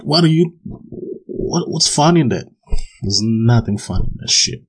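Husky man ranting on a podcast. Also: on the high side, animated, a little slow, poor audio. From South Africa. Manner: swearing, laughing, rambling with many restarts. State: drinking gin while talking. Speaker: podcast host. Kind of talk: casual solo podcast rant.

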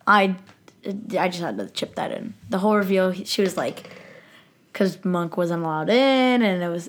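A woman co-hosting a casual chat about a TV episode, chatty, often giving short agreeing replies. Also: mid-range voice. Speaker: podcast co-host.

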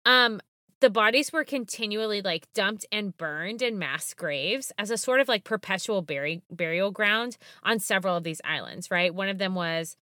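A woman co-hosting a casual podcast, joking and reacting quickly as she chats about history. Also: mid-range voice, dry recording, clean studio sound. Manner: jokey, animated, quick reactions. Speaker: podcast co-host.

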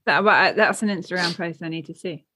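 A woman's voice: lowish voice, quick pace, sharp tone. A woman from the UK with a British accent, co-hosting a podcast in a chatty, teasing casual conversation. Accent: British English. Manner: chatty, teasing, laughs often, says "like" and "um" a lot. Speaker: podcast co-host. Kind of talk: casual chat.

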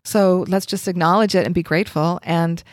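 A woman's voice: fairly low pitch, fairly even intonation, brisk, no room sound, studio quality. A middle-aged woman, a Reiki practitioner, telling a story in casual chat and acting out the voices of the people in it.

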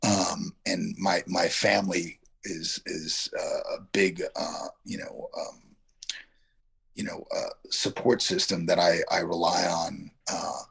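Middle-aged male actor from Yonkers, gravelly and husky, rambling and reflective interview guest. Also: low voice, little pitch movement, slow pace, fairly bright tone. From Yonkers, New York. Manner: rambling, reflective, heavy on fillers. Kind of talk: casual interview storytelling.

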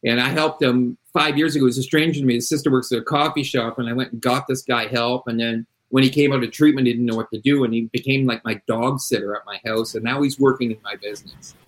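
A man's voice: medium pitch, steady tone, fast talker, hardly any pauses, poor audio. Blunt, profane middle-aged man. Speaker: addiction interventionist. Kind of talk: casual interview talk.

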